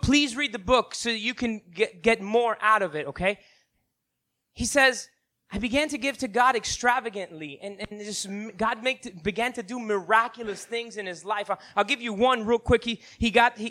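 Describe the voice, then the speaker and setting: A man preaching a sermon, telling a story with animated delivery that swings from loud emphasis to hushed asides and acts out the people in it. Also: very high-pitched. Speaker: pastor.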